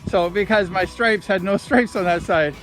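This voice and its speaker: A man's voice: sits high, normal speed, fairly bright tone. A man, a former motorcycle racer, telling amused stories in a casual vlog, speaking outdoors by the ocean. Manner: chatty, amused, self-deprecating storyteller. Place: outdoors by the ocean at low tide with his dog. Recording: background music under the voice.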